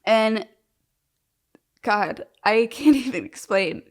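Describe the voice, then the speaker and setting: A woman's voice: fairly high pitch, lively intonation, takes it slowly. A young woman interviewee telling her own story candidly, rambling with lots of "like" fillers and restarts. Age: young adult. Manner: open and emotionally frank.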